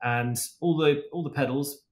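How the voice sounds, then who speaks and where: A man's voice: medium pitch, moderate pace. Easygoing guy rambling through stories, restarts a lot, echoey room sound. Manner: chatty storyteller with frequent restarts and fillers. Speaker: guest stunt and racing driver. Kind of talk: casual anecdotal podcast talk.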